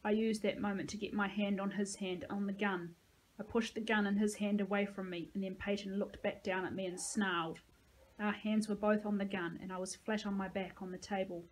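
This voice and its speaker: Woman, teacher, reading aloud, steady, plain, mid-pitched. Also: fairly quick, a little hiss or hum.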